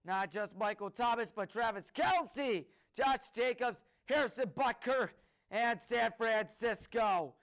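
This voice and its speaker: A man's voice: extremely high pitch, slow pace, fairly bright tone, clean tone. A man hosting a solo sports talk show, eagerly listing names with frequent fillers. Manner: enthusiastic, rattles off lists of names with fillers. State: out of breath.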